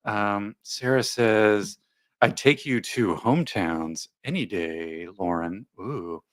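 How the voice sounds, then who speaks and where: A man's voice: on the low side, slow. Guy hosting a livestream, chatty and rambly, reads comments, laughs a lot. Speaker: livestream host. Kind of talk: casual live chat reading comments.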